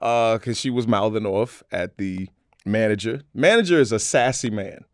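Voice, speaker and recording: A male comedian guest in a casual interview, telling energetic stories and often adding "you know what I'm saying.". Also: lowish voice, moderate pace, no echo, studio quality.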